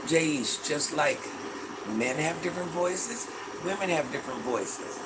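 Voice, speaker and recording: A man's voice: fairly high pitch, lively intonation, a little slow. A man live-streaming and reading viewer comments in casual chat, sassy, calling viewers baby and repeating himself, a little stuffy from allergies. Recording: loud background noise, air conditioner hum.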